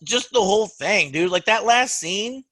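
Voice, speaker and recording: A man with a bright, slightly raised voice talks movies on a podcast, animated and loose, swearing as he acts out scenes. The sound is dry and close, with no room around it. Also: high-pitched, moderate pace, no echo. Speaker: podcast co-host. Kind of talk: casual chat.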